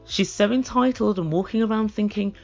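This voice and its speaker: A woman's voice: medium pitch, a little fast, darkish tone, dull audio. A woman giving a comedic recap of a reality show in a blunt, sarcastic, mocking way. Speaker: reality TV reviewer.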